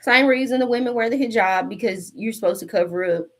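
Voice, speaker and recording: A woman's voice: fairly high pitch, fast talker. A woman in her forties giving a casual spiritual reading to camera. She is blunt and profane, jokes a lot and laughs often. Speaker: tarot reader and coach.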